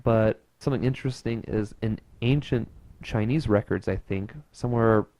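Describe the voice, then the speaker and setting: A man's voice: lowish voice, moderate pace, warm tone. A young man co-hosting a casual podcast, rambling loosely with lots of fillers and easy laughs. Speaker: podcast co-host.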